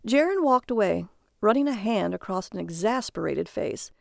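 A woman narrating a story aloud in a steady, even read-aloud delivery. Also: medium pitch, normal speed, gravelly, no echo, clean studio sound.

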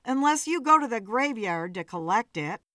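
A woman's voice: a little high, very animated, moderate pace, sharp tone, dry recording, studio quality. A woman voicing a blunt, weary female bartender in an audiobook story.

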